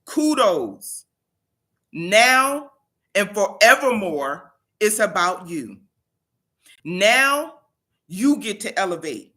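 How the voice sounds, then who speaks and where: Woman, motivational livestream host; bright, forceful delivery, emphatic and preacherly. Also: medium pitch, very animated, slow, long pauses. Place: home in South Carolina.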